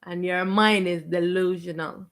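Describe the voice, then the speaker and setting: A woman's voice: lowish voice, fairly even intonation, measured pace. A woman acting as a spiritual teacher, preaching to viewers on a live stream in an emphatic, confrontational way. She stretches out stressed words and repeats her phrases.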